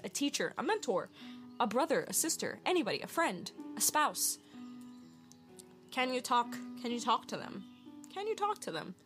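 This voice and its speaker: Female wellness host, bubbly and casual, fond of "like", over clear background music. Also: fairly high pitch. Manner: chatty, bubbly, laughs often, says "like" a lot. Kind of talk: casual spiritual self-help talk.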